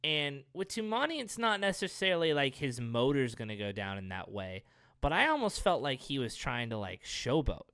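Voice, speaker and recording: Easygoing guy on a podcast, smooth clear voice, dry close sound, talking hoops. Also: mid-range voice, big pitch swings, normal speed, a bit bright, dry recording. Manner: easygoing, agreeable, backchannels a lot. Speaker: podcast co-host. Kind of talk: casual sports chat.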